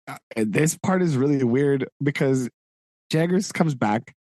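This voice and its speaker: A man's voice: medium pitch, expressive, a little slow, warm tone, dry recording. A man co-hosting a podcast, casually recapping a book with lots of fillers and frequent laughs. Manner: rambling, laughs often, many "like" fillers. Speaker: podcast co-host.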